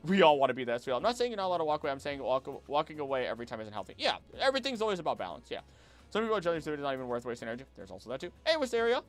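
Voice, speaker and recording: A man's voice: mid-range voice, a bit bright. A young man streaming a game and chatting casually with his chat, repeating himself and using many fillers.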